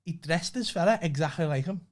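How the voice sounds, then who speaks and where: A man's voice: on the high side, fairly quick. A young man, co-hosting a podcast and telling a story in casual chat, swearing freely and laughing often. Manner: swears freely, tells stories with lots of laughing. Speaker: podcast co-host.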